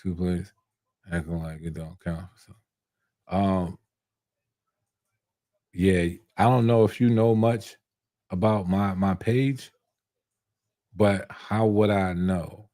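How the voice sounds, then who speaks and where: Deep, dark-voiced man chatting casually. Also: slow, pauses often, dry recording, clean studio sound. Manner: laid-back, conversational, slangy, repeats himself. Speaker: barber product reviewer hosting a live stream. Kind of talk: casual live-stream chat reading viewer comments.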